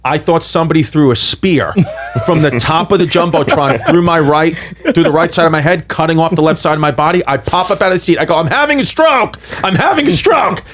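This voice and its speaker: A man, telling a wild story on a podcast in an animated, profane way. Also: a little high, fast talker, slight background noise. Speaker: comedian guest.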